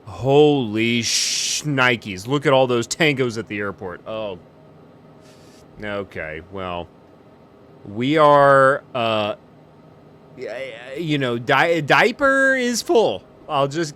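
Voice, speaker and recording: A man doing a comedic role-play as an airline pilot in a flight game, panicky and profane, lurching between muttering and shouting. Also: medium pitch, slow. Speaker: flight sim streamer.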